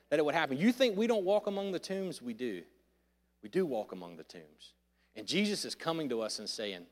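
A man preaching a sermon in a church, swinging between loud emphasis and hushed, intimate lines. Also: mid-range voice. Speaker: pastor. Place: church sanctuary. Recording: long hall reverb.

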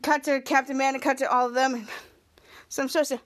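Female podcast host, high voice, casual recap, halting and repetitive delivery. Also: fairly even intonation, a bit bright. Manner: halting, repetitive retelling with many restarts and "cut to".

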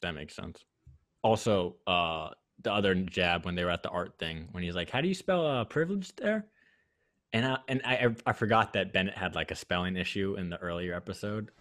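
Low-voiced rambling male podcast host. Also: a bit bright. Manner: rambling, halting with many restarts. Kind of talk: casual chat.

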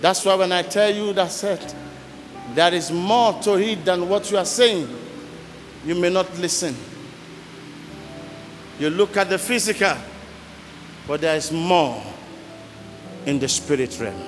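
A man preaching a sermon as a deliverance minister, telling a story dramatically and swinging from low murmurs to forceful cries. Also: a little slow, pauses often. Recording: echoey hall with faint music.

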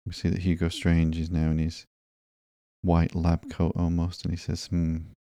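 Brief: male host, slow sleep-story comic reading, very low, flat pitch, dry close mic. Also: no room sound. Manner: soft, monotone narration. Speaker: podcast host.

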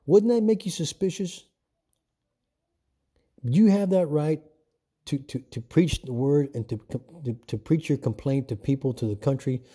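A man's voice: mid-range voice, mellow, slightly rough. A man giving an informal, rambling sermon from home, repeating himself and often calling his listeners "folks.". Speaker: self-made preacher. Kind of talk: informal preaching monologue.

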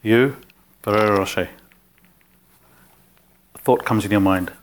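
A man's voice: lowish voice, a little slow, slight background noise. A man teaching an informal spiritual philosophy class in a conversational way, putting questions to his listeners.

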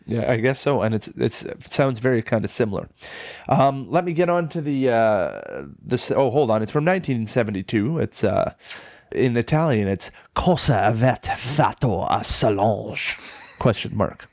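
A man co-hosting a casual film podcast, telling the story in a jokey, profane, excitable way. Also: medium pitch, normal speed, no room sound, studio quality. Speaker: podcast co-host reviewing films.

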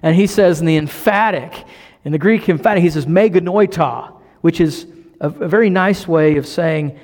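Southern preacher in an echoing hall. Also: male voice, a little high, a little mellow. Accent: Southern American. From American South. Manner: earnest, teaching, slows to stress key phrases. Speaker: pastor. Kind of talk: sermon.

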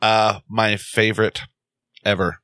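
Co-host, male, forthright, bright and tense tone. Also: on the low side, level tone, measured pace, no echo, studio quality. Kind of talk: casual chat, beer tasting.

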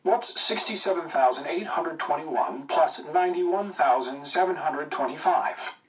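Man doing a teasing young pilot, brisk dry wit, fairly high voice, mic set back. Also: distant mic, close to an everyday voice, rough recording. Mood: coaxing. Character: cheerful young Englishman, wartime pilot, joking. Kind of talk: audiobook character voice.

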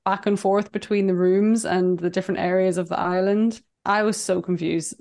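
A woman co-hosting a podcast, chatting casually about a film, agreeable and quick to laugh. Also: mid-range voice, fairly even intonation, a little mellow. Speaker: podcast co-host. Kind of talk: casual movie chat.

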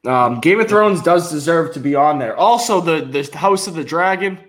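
A man's voice: a little high, lively intonation, normal speed, a bit bright. A man co-hosting a podcast in casual chat, easygoing, laughing along and stumbling over his words. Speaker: podcast co-host.

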